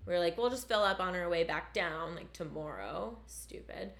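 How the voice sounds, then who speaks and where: A young woman from Canada telling a story in casual chat, animated and full of swearing and "like" fillers. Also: lowish voice, normal speed. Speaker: storyteller guest.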